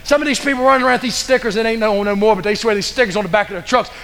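High-voiced preacher in a reverberant church. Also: male voice, fairly even intonation, racing, creaky, a bit bright. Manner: fervent preaching with repeated rhetorical questions. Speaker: pastor. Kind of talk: sermon. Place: church sanctuary.

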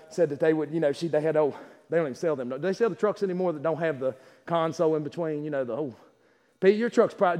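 A man preaching a sermon, who swings from loud climaxes to quiet asides and laughs while telling stories. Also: fairly high pitch. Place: church sanctuary. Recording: long hall reverb.

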